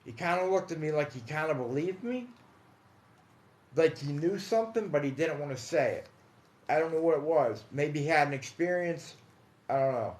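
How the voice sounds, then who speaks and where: A man's voice: a little high, animated, moderate pace. Man telling a ghost story live. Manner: emphatic, hushed at times, addresses listeners as guys and dude. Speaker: paranormal storyteller. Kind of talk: casual storytelling on a livestream. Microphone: phone or computer mic on a livestream. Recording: echoey room.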